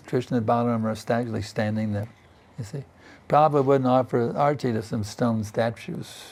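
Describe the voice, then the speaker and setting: A creaky, darkish, medium-pitched male voice belongs to an older spiritual teacher. He gives a scripture class at a temple in Vrindavan, keeping it chatty and frequently asking "isn't it" and "you see."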